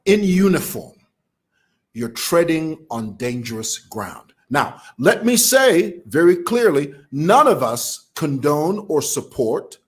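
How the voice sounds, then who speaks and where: Animated Zambian man vlogging. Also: a little high. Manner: animated, laughs while talking. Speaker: vlogger commentator. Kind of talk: casual talk to camera.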